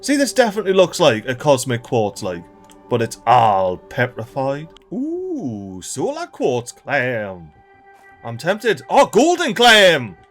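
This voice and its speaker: A man giving casual gameplay commentary as a let's-play host, excitable and exclamatory, full of slang and chuckles. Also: mid-range voice, slow, faint music behind.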